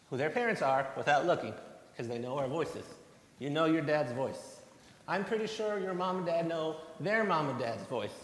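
A young man giving a children's sermon in a church, telling a plain, gentle story to the kids. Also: on the high side. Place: church sanctuary. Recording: echoey church hall, faint hum.

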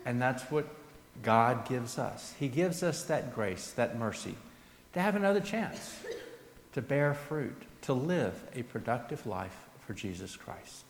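A pastor giving a sermon in a church, earnest, pushing his questions up and letting his statements fall soft. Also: medium pitch, big pitch swings, a little slow, slight background noise. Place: church sanctuary. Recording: echoey church hall with long reverb.

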